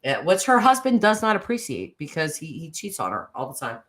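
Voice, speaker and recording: Lively chatty woman host. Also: low-pitched, brisk. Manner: chatty, gushing, tangent-prone, laughs often. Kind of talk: casual livestream chat.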